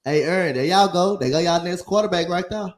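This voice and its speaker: A man in a casual sports chat, eagerly calling the action as it happens in loose slang. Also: sits high. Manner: quick, eager play-by-play calls in slang.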